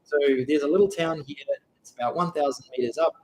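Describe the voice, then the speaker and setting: A middle-aged man with a New Zealand accent, chatting casually as co-host of a vlog, relaxed and halting with fillers. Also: on the high side, low-quality recording. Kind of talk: casual chat.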